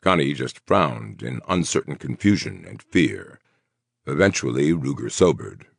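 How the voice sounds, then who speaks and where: A man reads a horror novel in a measured, gravelly voice. His pitch sits very low yet moves with lively range, the pace unhurried. The recording is dry and close. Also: no echo. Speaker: audiobook narrator. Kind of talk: scripted narration.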